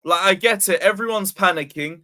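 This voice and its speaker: Male fan-channel host, slightly high and bright, sarcastic, sweary rant. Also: normal speed. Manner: exasperated, sarcastic, swears often. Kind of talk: casual fan vlog rant.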